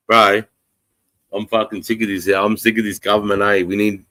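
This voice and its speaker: An Australian man with a low, forceful voice chats casually on a live stream. He talks in a blunt, rambling way, swearing often. The sound is dry and close, with no room echo. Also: steady tone, normal speed. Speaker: livestream host reading chat.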